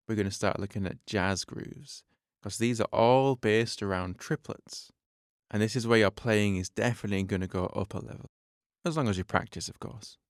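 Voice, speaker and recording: Low, smooth-voiced male drum teacher. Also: no echo, studio quality. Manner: patient, step-by-step explaining, counts beats aloud. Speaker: drum teacher and podcast host. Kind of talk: podcast drum lesson.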